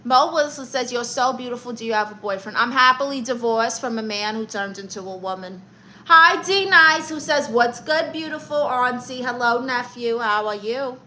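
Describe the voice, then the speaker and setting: Brief: bright-voiced, sassy New woman, comic live-stream auntie teasing her chat, faint room hiss. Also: fairly high pitch, normal speed, hardly any pauses, rough recording. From Brooklyn, New York. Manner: sassy, teasing, calls viewers honey and darling. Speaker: livestream host playing an aunt character.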